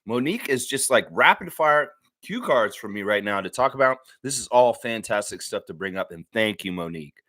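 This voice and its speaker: Excitable sports-stream host, dry close sound. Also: male voice, lowish voice, a little fast, no echo. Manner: excitable, shouts hype bursts, chewing while talking. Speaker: livestream host. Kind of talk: casual sports fan livestream.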